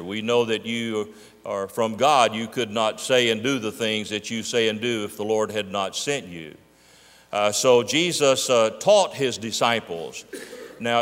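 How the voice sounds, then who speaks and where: A male pastor delivers a sermon in a middle-pitched voice, drawing out key words for emphasis. His voice rings with the long reverb of a large hall. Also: fairly bright tone.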